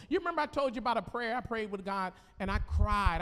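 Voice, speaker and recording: A male pastor delivers a lively sermon, drawing the room in with call-and-response. His voice sits unusually high for a man. The sound rings out with a long reverb in a church hall. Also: quick pace, hardly any pauses. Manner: animated, call-and-response, laughing asides.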